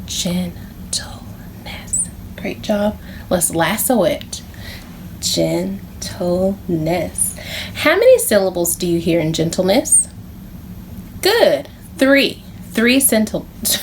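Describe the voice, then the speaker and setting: Woman, pre-K teacher, slow, clear, encouraging delivery, mid-pitched. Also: lively intonation, slight background noise. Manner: encouraging, repeats words slowly and clearly. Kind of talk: slow, sing-song classroom instruction for small children.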